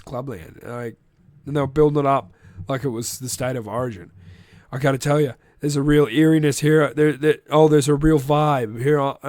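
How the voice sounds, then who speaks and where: A man's voice: mid-range voice, darkish tone, no room sound, studio quality. An Australian man hosting a casual sports recap podcast, rambling, joking and swearing freely. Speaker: podcast host.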